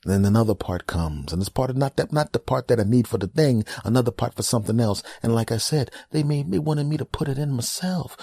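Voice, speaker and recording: Mellow-voiced man ranting comically. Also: medium pitch, animated, fairly quick, vocal fry, few pauses, slightly rough, dry recording. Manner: ranting, self-deprecating storytelling. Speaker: podcast host. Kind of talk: comedic monologue.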